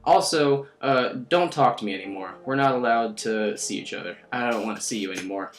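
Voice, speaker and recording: A man's voice: medium pitch, fairly quick, reverberant, slight background noise, lightly acted. A man mimicking a moody young girl artist. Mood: curt. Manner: flat mocking paraphrase in a slightly raised voice. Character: moody young female art student, easily upset.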